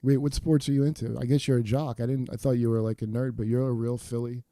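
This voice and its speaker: Dark-voiced man hosting, dry sound. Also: mid-range voice, level tone, fast talker, no echo. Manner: wry, teasing banter. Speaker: podcast host. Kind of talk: casual chat.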